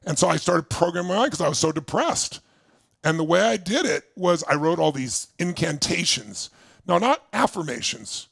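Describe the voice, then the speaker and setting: An older man giving a motivational stage talk, telling his story with intensity, jumping between loud bursts and quiet asides. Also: on the high side, animated, moderate pace, vocal fry, husky, no room sound. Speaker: motivational speaker.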